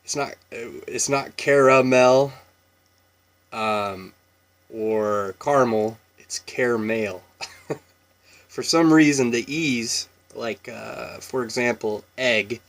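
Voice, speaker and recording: A young man from Washington State with a Pacific Northwest American accent, chatting casually in a relaxed, meandering way for an accent tag video. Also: mid-range voice, takes it slowly. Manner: relaxed, meandering, with laughs and many fillers. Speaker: vlogger.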